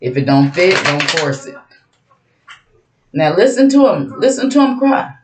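A woman's voice: low voice, very animated, measured pace, background noise. A woman giving a casual tarot reading, brash and mocking, with a lot of profanity. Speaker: tarot reader. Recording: roomy echo.

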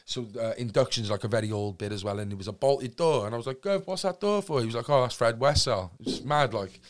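A young man with a Cardiff accent, a podcast guest telling a story in a casual, animated way and acting out what people said. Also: medium pitch, fast talker. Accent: Welsh, Cardiff. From Wales. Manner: animated, acts out quotes, swears freely.

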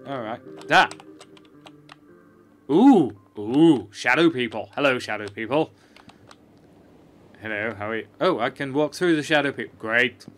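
A man's voice: mid-range voice, lively intonation, measured pace, pauses often, fairly bright tone, faint music behind. A man giving chatty, joking, sarcastic commentary while playing a video game. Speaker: gamer. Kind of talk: let's-play commentary.

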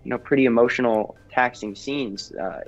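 A teenage boy talks earnestly as an interview guest, pausing on ums and restarting his sentences. His voice comes through dull and lo-fi. Faint music plays underneath. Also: mid-range voice. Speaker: actor guest. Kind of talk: casual interview chat.

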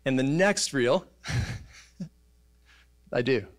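Animated pastor telling a story. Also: male voice, medium pitch, very slow. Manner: animated storyteller, acts out voices and sounds. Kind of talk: casual sermon storytelling. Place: church auditorium.

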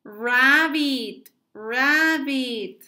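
A woman with a high, bright, forceful voice teaches English to preschoolers. She speaks slowly and enunciates carefully, prompting the children to repeat after her.

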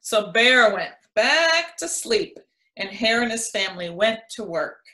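A woman reads a children's picture book aloud, taking her time with each phrase. Her voice sits a little high and comes across bright and clear. The delivery is expressive, as a storyteller's should be. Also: a little slow. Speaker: extension educator reading a picture book.

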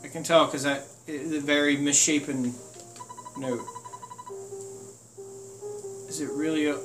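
A man hosting a let's play, talking loudly and excitably and swearing a lot as he plays. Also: fairly high pitch, unhurried, long pauses. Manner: loud, excitable, heavy swearing. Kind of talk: gaming commentary. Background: game music.

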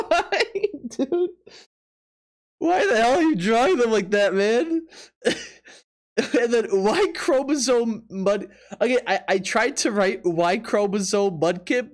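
A man streaming live from his apartment, chatting casually with viewers, laughing often and reacting in disbelief while teasing his chat. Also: high voice.

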